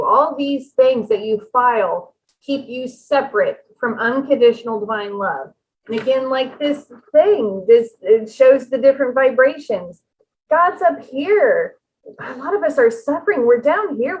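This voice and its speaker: Higher-voiced woman, earnest and heartfelt spiritual teacher; dull lo-fi recording. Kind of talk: casual spiritual talk.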